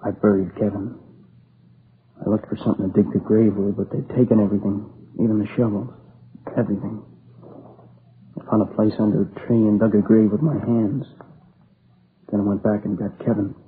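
Guy doing a young man all shook up and near tears, lowish flat voice, tinny old radio with hiss. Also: natural voice. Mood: grieving. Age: young adult. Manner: shaken, halting, near tears. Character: young man, grieving, exhausted survivor. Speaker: robbery and murder witness. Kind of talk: 1950s radio crime drama acting.

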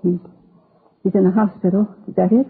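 An actress playing a gentle, grieving mother in her sixties in a 1950s radio drama, soft-spoken and halting, with a creaky, husky voice. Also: mid-range voice, fairly even intonation. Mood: distraught. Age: 60s. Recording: tinny old radio broadcast.

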